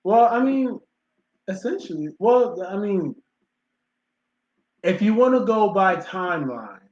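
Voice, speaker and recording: A man's voice: high voice, animated, slow, darkish tone. A man co-hosting a casual movie review, rambling with fillers and restarts. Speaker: co-host of a movie review show. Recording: dull lo-fi sound in an echoey room.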